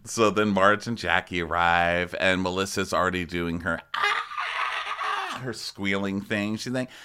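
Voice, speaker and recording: A man's voice: deep voice, normal speed, pushed and bright, smooth. A man co-hosting a comedic TV recap podcast, telling the story wryly and laughing along. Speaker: podcast co-host.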